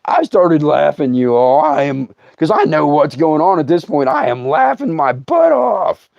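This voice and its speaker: A middle-aged man with a drawl spins a funny campfire-style yarn on a livestream. His voice sits a bit high and leaps all over the place as he laughs along. The sound is dry and slightly dull. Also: measured pace, creaky, dry recording. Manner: animated, laughing through his own story, breaking into loud outbursts. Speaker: comedian host. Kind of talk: comic storytelling livestream.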